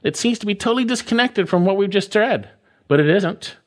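A man's voice: sits high, expressive, a little fast. A man preaching a verse-by-verse sermon, stressing and repeating key phrases. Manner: emphatic, repeats key phrases, rising and falling delivery. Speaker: pastor. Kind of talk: expository sermon.

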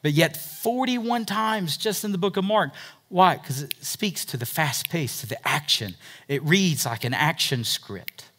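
Pastor, male, bright higher voice, preaching verse by verse, big swings from loud emphasis to hushed asides. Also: lively intonation, a little slow. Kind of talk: sermon.

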